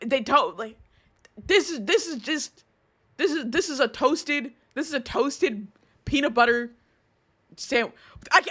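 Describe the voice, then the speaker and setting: Animated high-voiced woman streamer. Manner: animated, outraged ranting with laughs. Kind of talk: casual live-stream chat.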